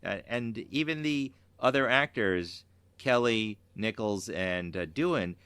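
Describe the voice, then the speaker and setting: A man co-hosting a podcast in relaxed, casual chat. His voice is bright and forward, and it sits a little on the low side. The sound is dry and close, with no room echo. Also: measured pace, clear, resonant tone. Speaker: podcast co-host.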